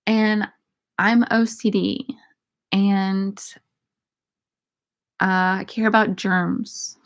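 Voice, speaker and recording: A woman's voice: medium pitch, flat delivery, very slow. A young woman in casual Q&A chat, answering viewer questions with irreverent, profane, laughing banter. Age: young adult.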